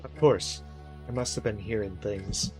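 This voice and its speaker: A man's voice: fairly low pitch, unhurried, natural voice. Brief: a man playing an anxious, devoted father with a pleading tone, with game music behind. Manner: pleading, worried. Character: anxious loving father, middle-aged man.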